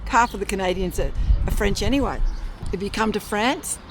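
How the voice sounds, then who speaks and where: A woman's voice: mid-range voice, a little fast. An Australian woman vlogging casually to camera from her motorbike, chatty, blunt and wry. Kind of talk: casual chat to camera while riding. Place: on a motorbike on open roads outdoors. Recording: loud road and wind noise on a riding mic.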